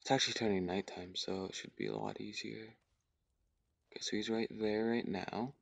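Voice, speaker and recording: A young man in casual gameplay commentary, thinking aloud in a hushed, often whispered voice, repeating himself as he works things out. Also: on the low side, fairly even intonation, moderate pace, gravelly. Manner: thinks aloud, repetitive and tentative. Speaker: gaming YouTuber.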